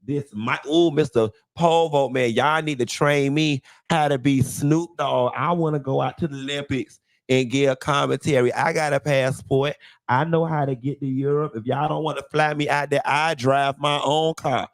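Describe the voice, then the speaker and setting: A man's voice: medium pitch, steady tone. Flamboyant, sassy male live-show host. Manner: flamboyant, sassy, drawn-out endearments; dramatic, playful rambling. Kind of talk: live-stream commentary.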